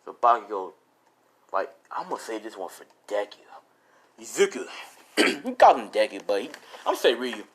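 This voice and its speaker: A man improvising a fan story out loud, rambling and profane, often correcting himself and laughing at his own lines. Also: fairly low pitch, sing-song, normal speed, slightly rough.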